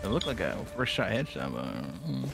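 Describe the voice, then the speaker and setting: A man chatting casually while streaming a shooter game, playful and quick to try out silly voices. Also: lowish voice, big pitch swings, creaky, over loud music. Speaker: gaming streamer. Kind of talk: casual gameplay chat. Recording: loud background noise over gameplay.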